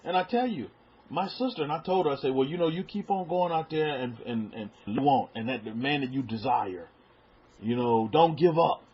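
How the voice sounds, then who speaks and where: A middle-aged man preaching in a relaxed, conversational way, stumbling over repeated words and dropping into soft asides. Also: mid-range voice, moderate pace. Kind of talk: sermon. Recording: dull lo-fi sound.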